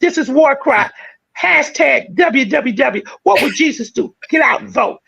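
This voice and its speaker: A woman's voice: high-pitched, lively intonation, a little slow, vocal fry, a bit bright, no echo, lo-fi sound. A woman hosting a live church-minded panel podcast, closing with emphatic, rallying, preacher-style remarks in a call-and-response cadence. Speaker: podcast host.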